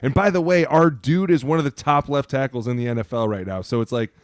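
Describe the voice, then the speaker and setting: Animated former lineman telling stories. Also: mid-range voice, fast, clean tone, no echo, clean studio sound. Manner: animated storyteller, acts out quotes, says "right?" a lot. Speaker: podcast guest, former NFL offensive lineman. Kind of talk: casual sports chat.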